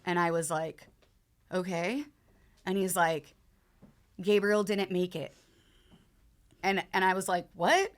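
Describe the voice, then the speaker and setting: A woman in her thirties, appearing as a podcast guest, tells an emotional personal story in halting bursts packed with fillers and repeated words. Her voice is lowish, with little pitch movement.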